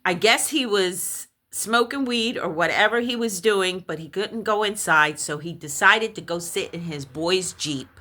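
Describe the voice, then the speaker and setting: A woman recounting a personal paranormal experience, animated and halting, with many restarts when shaken. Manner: animated storytelling, acts out others' voices in high shrieks. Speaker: storyteller.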